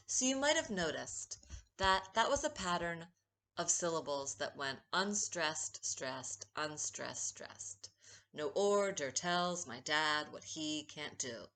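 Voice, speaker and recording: A woman poet giving a recorded poetry lesson, speaking in a measured way and stressing the rhythm when she reads verse. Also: low voice, animated, fairly bright tone. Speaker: poet teaching a workshop.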